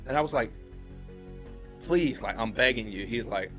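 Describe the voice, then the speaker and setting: A man from Pittsburgh, a podcast guest, telling a story in casual chat and acting out the quotes with his voice jumping up high. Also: a little fast, faint music behind. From Pittsburgh, USA. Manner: animated retelling, acts out quotes with rising pitch.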